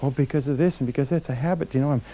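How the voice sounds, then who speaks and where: A man's voice: mid-range voice, racing, lightly acted. A man voicing a stuck, helpless male elephant who whines excuses, on a dull lo-fi recording. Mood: whining. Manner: whining excuses.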